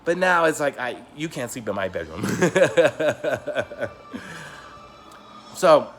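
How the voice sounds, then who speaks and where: A man vlogging a personal story to the camera, talking in an emotional, rambling way that grows heated and loud. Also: mid-range voice, very animated, slow pace, soft background music.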